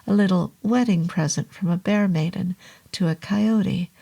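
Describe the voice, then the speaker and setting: A woman voicing a calm, commanding male medicine man who speaks low, steady and urgent. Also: moderate pace, gravelly. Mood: grave.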